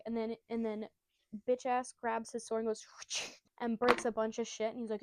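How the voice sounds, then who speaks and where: A woman's voice: fairly high pitch, flat delivery, normal speed, no room sound. A woman giving a casual, giggly and profane retelling of a comic chapter. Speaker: storyteller.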